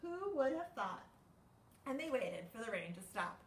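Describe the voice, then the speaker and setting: Young woman librarian, storytime reader, slow sing-song delivery, echoey and distant. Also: fairly high pitch, slight background noise. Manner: animated, slow, sing-song reading with gasps. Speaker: children's librarian. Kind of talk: livestreamed children's storytime. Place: library room. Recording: echoey room, mic far off.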